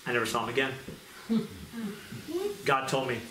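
A man's voice: medium pitch, little pitch movement, normal speed, a loud crowd. A man preaching a testimony sermon, telling his story earnestly and repeating his points for emphasis. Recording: echoey room with loud noise.

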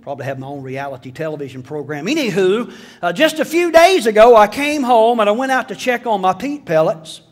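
A man's voice: high voice, very animated, a little fast. A middle-aged man preaching a sermon, telling folksy stories with jokes. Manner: folksy storytelling with jokes and voiced asides. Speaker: pastor. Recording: long hall reverb.

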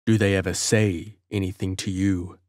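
A man's voice: low-pitched, flat delivery, normal speed, a little mellow, no echo, clean studio sound, lightly acted. A man voicing a crippled former soldier father who talks in a grim, gritted mutter, in a storybook reading.

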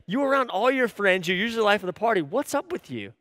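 A man's voice: high-pitched, very animated, quick pace, sharp tone, dry recording, exaggerated voice. A man quoting his young wife, earnest and easily hurt, while telling a sermon story. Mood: puzzled. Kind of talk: quoted dialogue in a sermon story.

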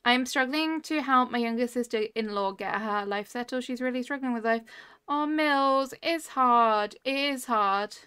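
A woman's voice: high voice, normal speed, pushed and bright, clean tone. A British woman in her thirties chatting casually on a live stream, laughing often and reading chat comments aloud.

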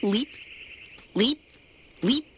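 A woman's voice: fairly high pitch, lively intonation, very slow. A woman voicing a cheerful young male lemur who narrates his own cartoon stories in a bouncy, singsong way. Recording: loud hiss on old cartoon audio.

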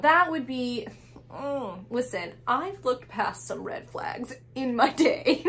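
A woman's voice: fairly high pitch, animated, slow pace, fairly bright tone. A woman host telling a true crime story in a casual, comedic way, full of crude sarcastic asides.

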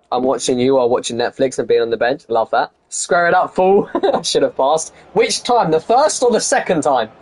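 A young man live-streaming a football video game, bantering with teammates over voice chat and shouting at the plays. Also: mid-range voice, expressive, moderate pace, pauses often, slightly rough.

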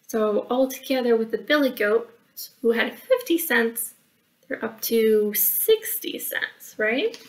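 A woman's voice: a little high, very animated, slow pace, far from the mic, low-quality recording. A woman librarian reading a picture book aloud to children, stopping for chatty asides and working out the math with them.

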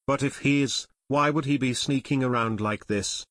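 Audiobook: cool, measured teen boy sleuth read by the narrator; dry close sound. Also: medium pitch, fairly bright tone, no echo, close to an everyday voice. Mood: calm. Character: calm, level-headed teenage boy detective.

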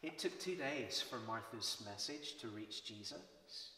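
A man with a Northern Irish accent reading a children's Bible storybook aloud, slow and expressive with dramatic pauses. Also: fairly low pitch. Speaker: church reader. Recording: roomy, reverberant, from a distance.

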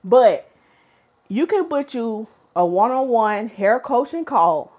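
A woman, a hair stylist hosting a casual live stream and talking to her chat in an animated, preachy way. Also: a little high, takes it slowly. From North Carolina, USA.

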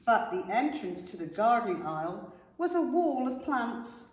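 A woman teacher reading a picture book aloud to her class, with animated, expressive storytelling. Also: fairly high pitch, normal speed. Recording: echoey room with long reverb.

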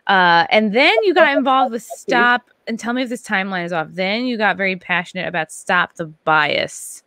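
A young woman hosts a casual podcast interview, reacting with lively enthusiasm. Her voice sits at an average pitch and sounds dry and close to the mic. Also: moderate pace, no room sound. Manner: animated, enthusiastic, acts out quotes. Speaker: podcast host.

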